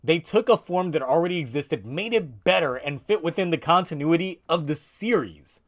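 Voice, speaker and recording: A man with a slightly raised voice leads a casual group chat. He talks with excitement and swears freely as he argues for his picks. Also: fairly high pitch, moderate pace, no room sound, clean studio sound. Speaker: host ranking forms.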